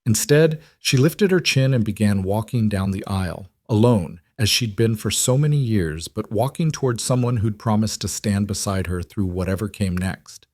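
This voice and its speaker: A man narrating a scripted western romance story in a measured, gentle way. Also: lowish voice, animated, dry recording, clean studio sound.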